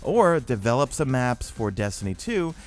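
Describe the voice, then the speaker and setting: A man from New York with a toned-down New York accent, hosting a casual gaming Q&A chat with lots of fillers. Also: mid-range voice. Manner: animated, fast-talking with many fillers. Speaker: YouTube gaming host.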